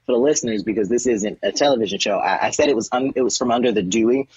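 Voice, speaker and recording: A man co-hosting a podcast in casual chat, telling animated stories that jump into high comic voices. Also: very fast, slightly rough, no echo, dull audio. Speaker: podcast co-host.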